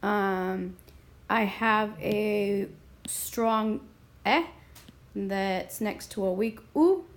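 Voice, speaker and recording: A woman explaining a Spanish grammar lesson in a slow, deliberate way, stopping now and then to clear her throat. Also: medium pitch. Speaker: Spanish teacher.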